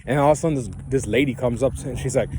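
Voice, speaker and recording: A man's voice: medium pitch, racing, darkish tone, a little hiss or hum. Young man rambling casually outdoors. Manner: profane, ends phrases with "right?"; loose, laughing, preachy about self-belief. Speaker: vlogger.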